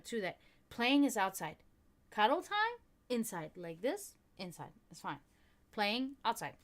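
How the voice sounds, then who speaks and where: A woman with a somewhat high voice chats casually on her tarot reading livestream. She is excitable, greets her viewers and swears freely, with frequent laughter running through her talk. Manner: swears freely and laughs often while talking.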